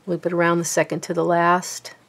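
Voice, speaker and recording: A woman's voice: on the low side, completely flat delivery, a little fast, gravelly, a little hiss or hum. A woman giving a hands-on craft tutorial, chatty and self-deprecating, muttering to herself as she works. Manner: mutters and whispers to herself while working. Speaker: bookbinding crafter.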